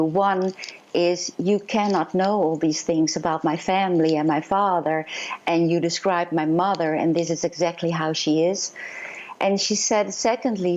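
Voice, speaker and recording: A woman with a lowish voice tells her experiences earnestly, pausing and restarting with fillers as she goes. The sound is dull and lo-fi, like a remote call. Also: darkish tone. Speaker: psychic medium guest. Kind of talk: interview storytelling.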